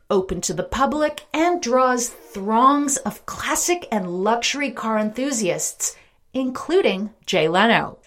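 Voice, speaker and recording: Female podcast host, polished narrator, expressive pitch, light music bed. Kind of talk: interview and scripted narration.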